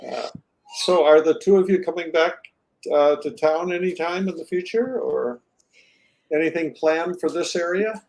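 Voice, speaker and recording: An easygoing interview host with a mid-pitched voice who keeps things moving. Mostly short nods of agreement and gentle questions, with the occasional longer wrap-up of the show. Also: moderate pace, low-quality recording. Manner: easygoing, brief affirmations and prompts. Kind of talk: casual interview.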